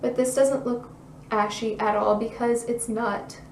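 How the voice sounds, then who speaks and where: Chatty young woman, a bit hoarse. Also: a little high, little pitch movement, a little slow, reverberant, distant mic, slight background noise, poor audio. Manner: chatty, bubbly, self-deprecating asides. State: losing her voice, slightly hoarse. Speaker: beauty vlogger. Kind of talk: casual makeup tutorial talk-through.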